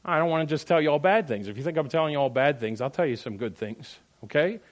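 A middle-aged man preaching a sermon as pastor, animated and emphatic, firing rhetorical questions at the congregation. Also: on the high side, quick pace. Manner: animated preaching, rising to loud emphatic peaks.

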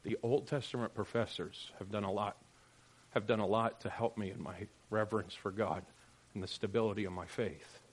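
A man preaching a sermon as pastor, swinging from loud emphatic lines to quiet, joking asides with his congregation. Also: lowish voice, steady tone, normal speed.

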